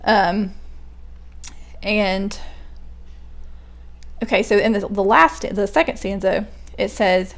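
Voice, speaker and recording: A woman's voice: mid-range voice, fairly even intonation, slow pace, pauses often. A young woman talking through a poem in a casual, hesitant way, thinking aloud with many fillers and restarts. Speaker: poetry reader and commentator. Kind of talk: casual spoken poetry analysis.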